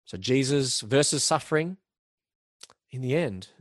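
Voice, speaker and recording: A man preaching a sermon in an earnest way, slowing down to stress key words. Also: medium pitch, lively intonation, dry recording, studio quality. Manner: earnest, slows down for emphasis, occasional restarts.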